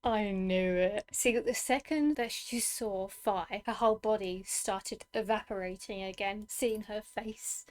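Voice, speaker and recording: A woman hosting a reaction video, chatting casually with quick asides and laughter. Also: mid-range voice, darkish tone.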